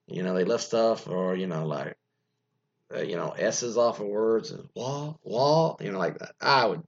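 Gravelly rambling man, lo-fi radio host. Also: lowish voice. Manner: rambling, many fillers and trailing asides, mildly profane. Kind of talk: casual solo talk, reading an article aloud with comments. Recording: lo-fi muffled sound.

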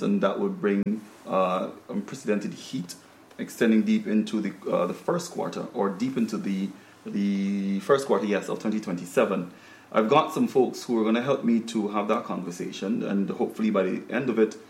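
A man's voice: lowish voice, roomy sound. A man with a Guyanese accent hosting a studio panel discussion, talking conversationally with frequent fillers and restarts. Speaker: talk show host.

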